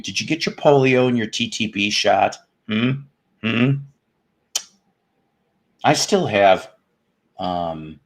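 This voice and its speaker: A man's voice: lowish voice, breathy edge. A man in his fifties hosting a casual live stream from home, greeting chat viewers and cracking puns and profane jokes. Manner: joking, punning, profane asides. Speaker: host of a live music stream.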